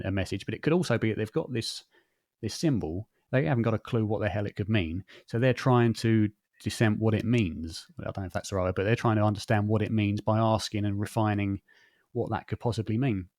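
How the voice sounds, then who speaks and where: A man's voice: lowish voice, fairly quick, a little mellow, no echo, clean studio sound. A man hosting a podcast, talking casually and reasoning aloud, with frequent restarts. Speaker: podcast host. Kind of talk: casual conversation.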